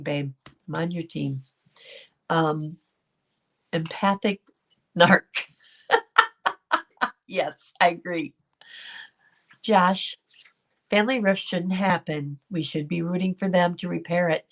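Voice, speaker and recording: A woman's voice: on the low side, creaky. A middle-aged woman hosting a casual livestream, talking to viewers by name and laughing often. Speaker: commentary channel host. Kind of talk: casual livestream commentary reading chat.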